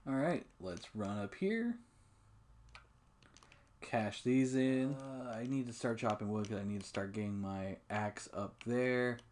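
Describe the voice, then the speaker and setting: A man's voice: medium pitch, a little slow, a little mellow, a little hiss or hum. A man giving casual, rambling commentary while playing a farming game, swearing often and laughing at himself. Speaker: let's play gamer.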